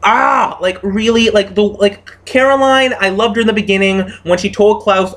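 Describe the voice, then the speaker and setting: A man's voice: sits high, fairly even intonation, normal speed, few pauses, fairly bright tone. A young man giving a casual, exasperated rant reviewing a TV episode, swearing freely and exclaiming often. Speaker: TV show reviewer.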